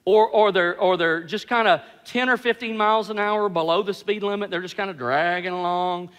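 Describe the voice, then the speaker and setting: A man preaching a sermon as pastor, telling stories with animated, self-mocking humor. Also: high-pitched, normal speed, clean tone, big-room sound.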